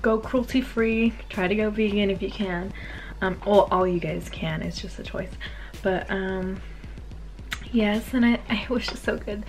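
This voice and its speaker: A woman's voice: medium pitch, measured pace, faint music behind. A young woman vlogging casually while she eats, chatty and gushing, with lots of ums and likes. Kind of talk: casual vlog chat while eating.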